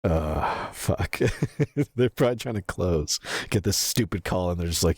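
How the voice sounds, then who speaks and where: Low, husky, swearing young streamer. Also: male voice, huge pitch swings, moderate pace, darkish tone, dry recording, studio quality. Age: young adult. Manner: profane, laughing storyteller. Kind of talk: casual gaming stream chat.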